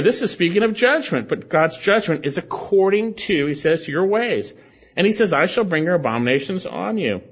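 A man preaching a verse-by-verse sermon in a fairly high voice. He is emphatic, leaning on repeated phrases and rising in pitch to stress a point. The recording is dull and lo-fi. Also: breathy edge. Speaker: pastor. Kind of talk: expository Bible sermon.

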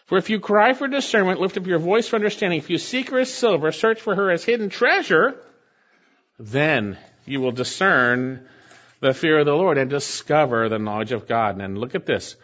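Reading from scripture and unpacking it with forceful rhetorical questions, a pastor delivers a sermon to his congregation. He speaks fairly quickly with few pauses, in a high, slightly bright voice with lively intonation. The lo-fi recording sounds dull.

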